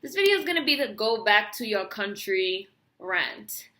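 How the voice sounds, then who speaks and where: A woman's voice: mid-range voice, big pitch swings, normal speed, pushed and bright. A woman vlogger ranting to camera, profane, sarcastic and mocking, with speech. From United States. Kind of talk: heated rant to camera.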